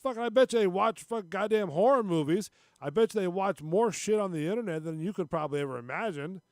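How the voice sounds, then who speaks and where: A man co-hosting a casual podcast chat, ranting with lots of swearing and frequent throat clearing. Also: sits high, animated, quick pace, dry recording, studio quality. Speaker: podcast co-host.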